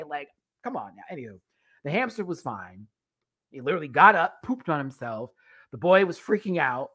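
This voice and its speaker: A woman in her thirties with a low voice hosts a casual live stream. She tells stories in a rowdy, profane, animated way and laughs between lines. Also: a little fast. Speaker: show host reviewing a TV competition.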